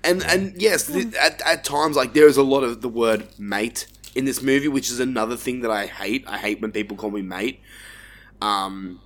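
Give me an Australian man hosting a relaxed film review, loose and profane. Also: medium pitch, moderate pace. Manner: laid-back, swears freely, frequent restarts. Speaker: podcast host. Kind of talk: casual film review chat.

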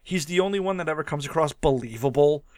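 A man's voice: on the high side, expressive, fast, a little mellow, no echo, clean studio sound. A man co-hosting a casual film-review podcast chat, laughing often and joking with his co-host. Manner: laughs often, giggly and playful.

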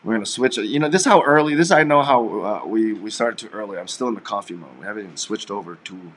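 A man's voice: fairly low pitch, fast talker. Playful joking man, casual host. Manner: playful, teasing, rambling, swings loud and soft. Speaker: co-host of a live stream.

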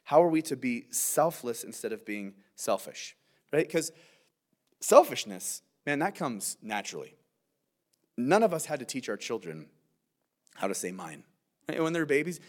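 A man's voice: mid-range voice, sing-song, moderate pace, long pauses. A male pastor giving a verse-by-verse sermon, earnest and conversational, often saying "man" and asking "right?".

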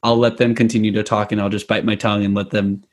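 A man's voice: on the low side, little pitch movement, fast. An American man with an upbeat, enthusiastic manner, chatting casually as a podcast guest over a video call. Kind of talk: casual chat.

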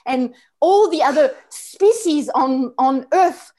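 A woman's voice: high-pitched, unhurried, darkish tone. A woman playing a haughty, snobbish French woman with a put-on French accent, lecturing with disdain in an improv exercise. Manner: lofty, disdainful, drops French words.

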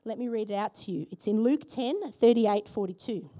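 A woman pastor preaching a sermon in church, animated and asking the congregation questions. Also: fairly high pitch, normal speed.

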